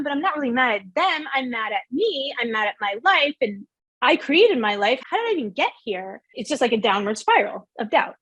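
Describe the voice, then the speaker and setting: A middle-aged woman with a high voice leads a motivational workshop. She speaks in an earnest, emphatic way and puts questions to her audience. The sound is dry and close. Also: fairly bright tone, breathy edge, dry recording.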